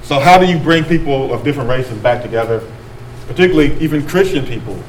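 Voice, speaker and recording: A man's voice: medium pitch, lively intonation, fast talker. A man leading a discussion with an audience in a meeting room. He talks casually, often repeating back what people say. He is picked up from a distance in an echoey room with faint background hiss. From rural North Carolina. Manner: conversational, repeats and reflects back answers. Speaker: speaker leading a group workshop.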